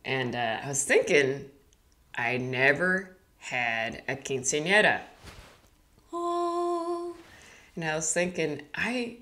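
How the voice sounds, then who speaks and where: Woman in her thirties, comedian, rambling live-stream chat, giggly, fairly low voice, animated pitch. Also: slow. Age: 30s. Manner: rambling, self-deprecating, giggly.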